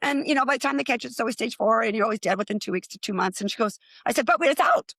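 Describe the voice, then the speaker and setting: Animated woman telling her story, dry sound. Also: rapid-fire, no room sound. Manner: animated, acts out quoted voices with rising pitch. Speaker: guest. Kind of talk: casual storytelling.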